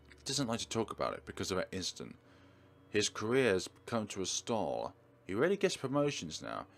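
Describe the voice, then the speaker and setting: Deep-voiced man reading a game aloud. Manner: casual read-through with slips and self-corrections. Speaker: let's play host. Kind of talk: reading a visual novel aloud.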